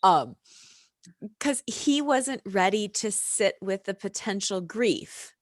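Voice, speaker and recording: A middle-aged American woman, a yoga and reiki practitioner, talking in an unhurried, reflective way and laughing often in casual podcast chat. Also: mid-range voice, expressive, dry recording, clean studio sound. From United States.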